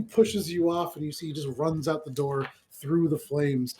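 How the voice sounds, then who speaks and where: A man running a tabletop game as dungeon master, narrating scenes in a relaxed way with many ums and kind ofs. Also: a little high, moderate pace.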